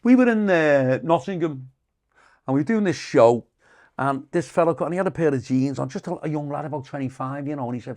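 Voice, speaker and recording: Older British man, comedian, gravelly rasp, slightly high voice, profane animated storyteller. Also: a little fast. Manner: profane, animated anecdotes, acts out quoted insults loudly. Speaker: comedian guest. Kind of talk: casual podcast storytelling.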